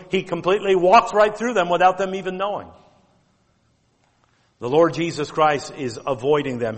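Man, pastor, earnest sermon, scripture quotes, fairly high voice, long hall reverb. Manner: earnest preaching, numbered points, quoting scripture in old wording.

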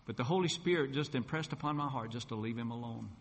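A man giving a testimony sermon, telling a lively story and acting out the dialogue. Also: mid-range voice, fast talker. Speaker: preacher sharing his testimony. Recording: long hall reverb.

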